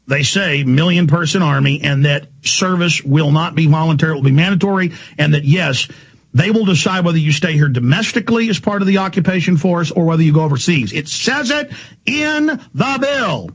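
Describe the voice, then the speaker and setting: A man hosting a talk radio show, ranting angrily in a heated monologue with a gravelly, husky voice. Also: fairly high pitch. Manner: ranting, angry, rapid-fire. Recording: dull lo-fi broadcast audio.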